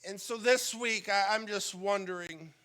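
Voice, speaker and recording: A man preaching a sermon as pastor, moving from calm teaching to fervent, rising preaching and dropping to a whisper for quoted prayers. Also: sits high, measured pace. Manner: drops to a whisper when quoting a prayer.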